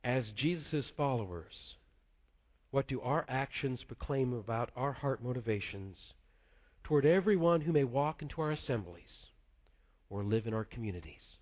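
A man preaching a sermon in a measured, earnest way to a congregation. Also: mid-range voice, lively intonation. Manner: measured, earnest delivery dropping soft at the close. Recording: dull lo-fi sound.

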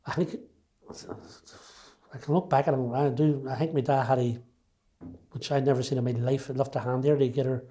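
A man in his sixties with a Derry accent talks in a mellow, darkish voice at a middling pitch. He speaks emphatically, often restarting his sentences as he tells his own story. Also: steady tone, brisk, long pauses. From Northern Ireland. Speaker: interviewee. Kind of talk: personal storytelling.

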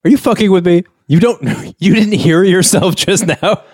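A man's voice: high-pitched, normal speed, a little mellow, no room sound, clean studio sound. A man hosting a comedy podcast, incredulous and exasperated at his co-host in an improvised bit.

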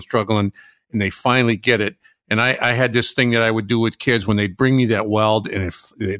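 An older retired man, a former welding instructor and now a pastor, talking earnestly with many halting restarts. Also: fairly low pitch, fairly bright tone, no room sound, studio quality. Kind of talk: reflective conversation.

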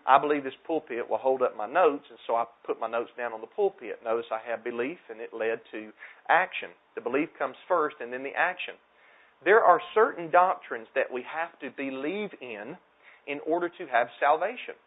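A man delivers a sermon from a pulpit, leaning on his main points by saying them twice. His voice sits at an ordinary middle pitch. The sound is narrow and tinny, like it comes through a phone line. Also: animated, normal speed. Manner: emphatic, repeats key phrases. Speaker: pastor. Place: church sanctuary at a pulpit.

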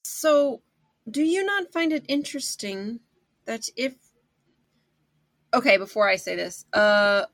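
Female player, inquisitive and casual, a bit high-pitched, dry close mic. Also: lively intonation, slow, pauses often, fairly bright tone, dry recording. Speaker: tabletop game player. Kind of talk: casual game chat.

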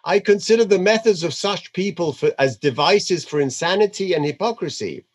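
A man doing a male Indian guru with a put-on Indian accent, reading slowly and deliberately, leaning hard on key words. The voice sits a little high and swings widely in pitch. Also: expressive. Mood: solemn.

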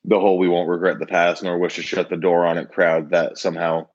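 Male co-host, very low voice, rambling and hesitant, slightly muffled lo-fi recording. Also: level tone, a little fast. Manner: rambling, hesitant, many restarts. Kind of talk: casual recovery talk. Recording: dull lo-fi sound.

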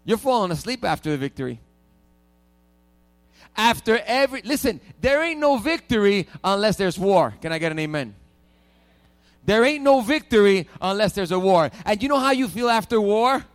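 High-voiced man preaching playfully. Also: big pitch swings, normal speed. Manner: call-and-response preaching, playful and emphatic. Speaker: pastor. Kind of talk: sermon.

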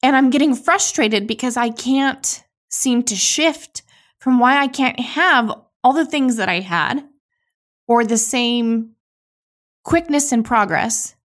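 A woman in her thirties hosting a podcast, talking candidly and emotionally in a raw, halting way with frequent restarts. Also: on the high side. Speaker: podcast host. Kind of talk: candid solo podcast monologue.

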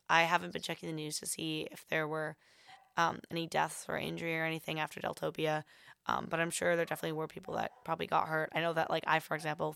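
Gravelly young woman telling a story. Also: low voice, a bit bright, no echo, studio quality. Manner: rambling, heavy on filler words. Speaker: podcast host. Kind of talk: casual storytelling.

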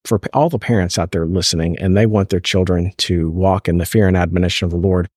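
A man's voice: sits low, steady tone, fast talker, darkish tone, no echo, studio quality. A man hosting a faith podcast, asking earnest questions and quoting scripture in casual conversation. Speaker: podcast host, parent.

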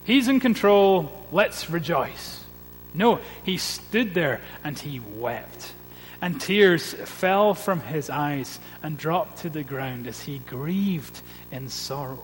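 Earnest preacher in an echoing church. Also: male voice, fairly high pitch, lively intonation. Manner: measured, earnest preaching with repeated refrains. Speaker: pastor and preacher. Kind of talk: sermon. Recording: long reverb with faint hum.

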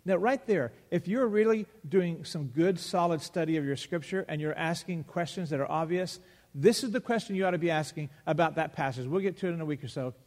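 A man's voice: on the high side, a little mellow. Preaching man in a reverberant hall. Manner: preaching with acted-out Bible dialogue, pauses for emphasis. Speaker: pastor. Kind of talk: sermon.

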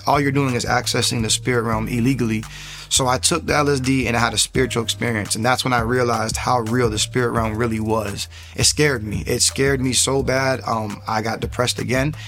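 Young man, podcast guest, casual testimony, animated storytelling, mid-range voice, quiet music underneath. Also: mid-range voice, vocal fry. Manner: animated storytelling, rises when reliving the moment.

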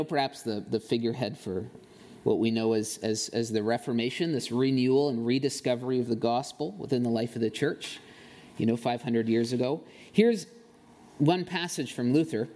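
A man's voice: mid-range voice, darkish tone. A man preaching a sermon as pastor of a church, reading scripture, leading a prayer and talking in a conversational way with playful asides. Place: church sanctuary.

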